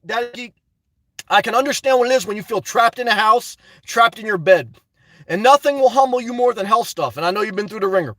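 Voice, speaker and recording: A man live-streaming, chatting to viewers in a high-energy, effusive way as he answers their messages. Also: fairly bright tone, no room sound. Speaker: live streamer reading chat and donations. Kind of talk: casual live-stream chat.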